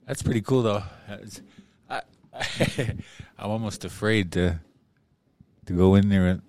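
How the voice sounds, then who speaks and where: A man hosting a casual talk show, excitable and laughing often as he chats with his guests. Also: lowish voice, measured pace. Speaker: podcast host. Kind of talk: casual chat.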